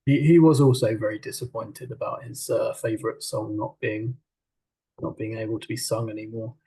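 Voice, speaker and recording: A man co-hosting a casual podcast chat, hesitant and trailing off, with quiet laughs. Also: fairly low pitch, steady tone, normal speed, husky, low-quality recording. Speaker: co-host.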